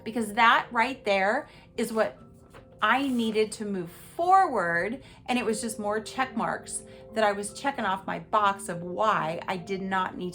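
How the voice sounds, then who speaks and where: A woman hosting a podcast, telling a personal story in an animated, emphatic way and talking straight to her listeners. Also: mid-range voice. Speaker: podcast host.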